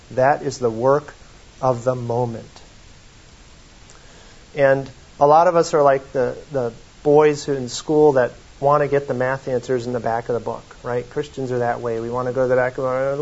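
A man's voice: medium pitch, darkish tone. A man preaching a sermon in a folksy, conversational way, often reading quotations aloud, in a slightly muffled recording.

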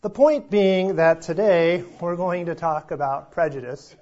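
A male pastor talks through his sermon in an easy, storytelling way. His voice sits a little high for a man. The recording is slightly muffled and lo-fi. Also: unhurried. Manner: relaxed storytelling, conversational. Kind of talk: sermon opening with a joke. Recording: muffled lo-fi sound.

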